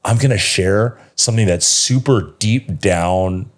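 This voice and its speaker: Deep-voiced man telling his story with passion. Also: a little slow. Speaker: podcast guest, yoga teacher and connection coach. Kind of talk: casual podcast conversation.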